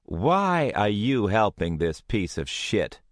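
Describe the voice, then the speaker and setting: A man reading a hostile young man full of cold contempt. The voice stays low and unhurried, pressing each word out slowly. It is heard in a dry, close audiobook reading. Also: sing-song, no room sound. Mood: contemptuous.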